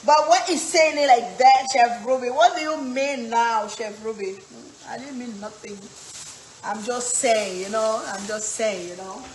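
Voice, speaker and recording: A woman from Africa hosts a cooking livestream in her home kitchen, chatting and responding to viewer comments as she cooks. Her voice is a little high and a little slow. There's slight background noise, and the echoey room is full of frying, sizzling and stirring sounds.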